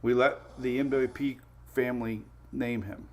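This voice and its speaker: Male weather-stream host, gravelly and easygoing, chuckles between chat replies. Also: medium pitch, steady tone, moderate pace, a little mellow. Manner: laid-back, chuckling, answers viewer comments. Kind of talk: casual live-stream chat.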